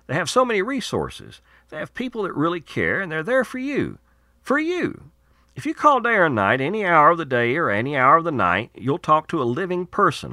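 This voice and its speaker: Folksy man with a lively voice. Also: mid-range voice, no room sound, studio quality. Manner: folksy, earnest and persuasive. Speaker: radio show host. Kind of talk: scripted radio segments and promos.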